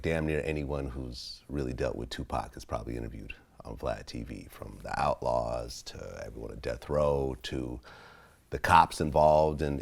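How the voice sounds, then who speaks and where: Very deep-voiced male interviewer. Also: gravelly. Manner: casual, conversational. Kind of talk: interview questions.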